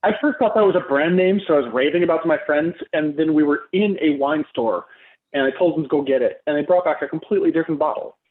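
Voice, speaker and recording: A man joining a casual wine tasting on a video call, telling quick chatty stories. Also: fairly high pitch. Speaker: participant in a virtual wine tasting. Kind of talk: casual group chat over a video call. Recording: tinny phone-like call audio.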